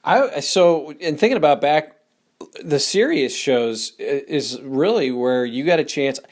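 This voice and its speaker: A man's voice: a little high, expressive, a little slow. A man interviewing a guest, asking casual questions that he often breaks off and restarts.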